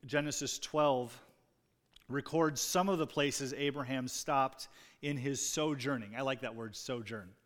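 A man's voice: mid-range voice, unhurried, fairly bright tone. A man preaching a sermon in a conversational way, with rising emphasis on key words. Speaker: pastor. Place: church sanctuary. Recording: long reverb in a large hall.

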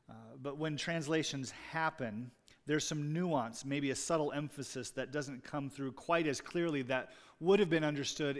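A man's voice: fairly high pitch, fairly bright tone. A man preaching a sermon in a conversational way, with rising emphasis on key words. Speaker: pastor. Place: church sanctuary. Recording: long reverb in a large hall.

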